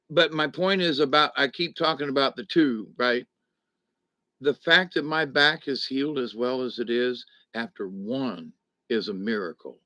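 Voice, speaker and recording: A man's voice: fairly high pitch, a bit bright, no room sound. Folksy man rambling to viewers. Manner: rambling, folksy, chuckles between thoughts. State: recovering from back surgery, at home. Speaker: vlogger talking to viewers. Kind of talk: casual live chat to viewers. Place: home, indoors.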